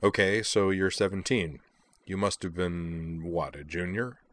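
A man voicing an airy, nonchalant young fixer in a storybook reading, with a low, dry voice. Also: fairly even intonation, a little slow, fairly bright tone, no echo. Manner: breezy, offhand.

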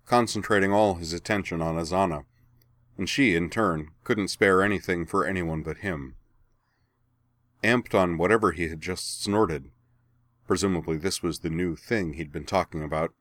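A man giving steady, measured scripted narration of a story. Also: low-pitched, dry recording, studio quality.

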